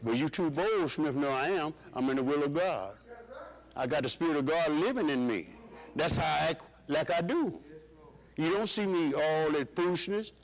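High-voiced preacher calling out. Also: male voice, moderate pace, rough recording. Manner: call-and-response preaching, rising and dropping pitch. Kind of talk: sermon.

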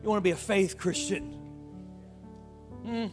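High-voiced emphatic male preacher. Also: measured pace, soft background music. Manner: emphatic, call-and-response, animated. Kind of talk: sermon.

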